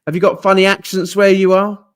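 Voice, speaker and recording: A man's voice: high voice, level tone, a little fast, a bit bright, clean tone. Chatty man hosting a podcast. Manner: chatty, laughing, mimics accents. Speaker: podcast host. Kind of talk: casual chat.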